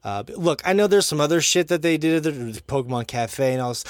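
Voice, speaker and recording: A man hosting a casual gaming podcast, animated and quick to swear as he steers the talk. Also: a little high, no room sound, clean studio sound. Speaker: podcast host. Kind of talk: casual chat.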